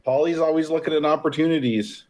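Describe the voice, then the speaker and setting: A man's voice: a little high, fast. A man as guest co-host of a podcast, casually explaining boxing while discussing a film. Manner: relaxed, explains boxing plainly.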